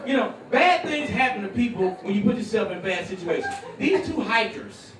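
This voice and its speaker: A man doing a live stand-up set, loud and mocking, shouting his punchlines. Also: high voice, expressive, normal speed, heavy background noise. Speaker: stand-up comedian. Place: comedy club stage. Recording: roomy club sound from a distance, loud crowd. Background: audience laughter.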